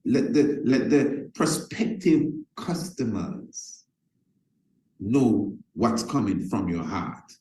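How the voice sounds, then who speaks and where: A man's voice: fairly low pitch, sing-song, slow pace, mellow, reverberant, a little hiss or hum, poor audio. A man hosting a sales webinar and lecturing in an emphatic, repetitive way, with casual asides to his audience. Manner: emphatic, repeats key points, folksy asides. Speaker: webinar host teaching sales. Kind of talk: informal lecture.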